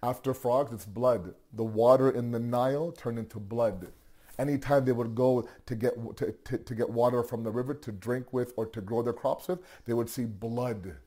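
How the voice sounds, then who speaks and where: A man telling a religious story in a sermon, animated, asking rhetorical questions and often restarting his sentences. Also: mid-range voice, normal speed. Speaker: religious teacher.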